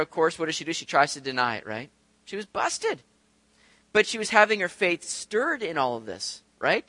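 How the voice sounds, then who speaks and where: A man preaching a sermon in a conversational, animated way, asking rhetorical questions and acting out the voices he quotes. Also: high-pitched, dry recording. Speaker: pastor.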